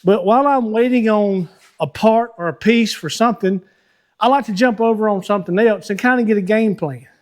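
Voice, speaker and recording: High-voiced man in his shop. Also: brisk. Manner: chatty, folksy, thinks out loud while working. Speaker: host of a car-building channel. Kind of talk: casual shop vlog talk to viewers.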